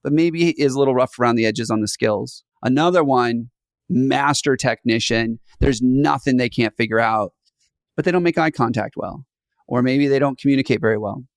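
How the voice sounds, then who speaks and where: A man talking as a podcast guest about hiring, animated and acting out little scenes. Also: mid-range voice, moderate pace, dry recording, studio quality. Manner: animated, playfully acts out scenes. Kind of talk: conversational podcast interview.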